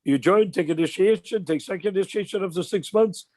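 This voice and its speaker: An older man leading an informal religious discussion on a video call, telling stories with rhetorical questions in an animated way. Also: sits high, brisk, no room sound. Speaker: discussion leader.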